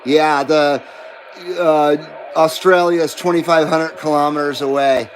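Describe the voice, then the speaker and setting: A man's voice: a little high, fairly even intonation, a little slow, slight background noise, low-quality recording. A man hosting a CB radio livestream, reading chat messages aloud in a rambling, self-deprecating way and laughing often. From western United States.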